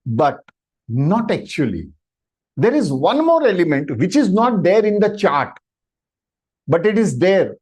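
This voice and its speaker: A man with an Indian English accent leads a live online language class over a call. His voice sits a touch high, and he draws out sample vowels to show how they should sound, filling gaps with soft "uh"s. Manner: demonstrative, drawn-out vowel sounds, frequent "uh" fillers. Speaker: Sanskrit teacher. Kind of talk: online workshop lesson. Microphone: video call microphone.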